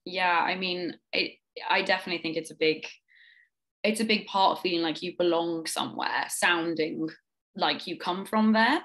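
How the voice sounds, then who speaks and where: A woman's voice: lowish voice, moderate pace, a bit bright. A woman with a Northern Irish accent, a guest speaking in an easygoing, thoughtful way. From Northern Ireland. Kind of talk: casual conversation.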